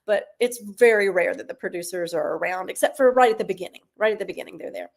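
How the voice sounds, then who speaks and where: A middle-aged woman from South Carolina, a Broadway singer chatting as a guest and telling stories with lively, half-sung bits. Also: lowish voice, fast, gravelly. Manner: animated storyteller, sings snatches of lines. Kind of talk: casual interview chat.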